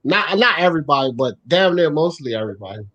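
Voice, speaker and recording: A man's voice: on the high side, expressive, quick pace, fairly bright tone, no room sound, muffled recording. A man chiming in with short, chatty remarks in a casual group chat.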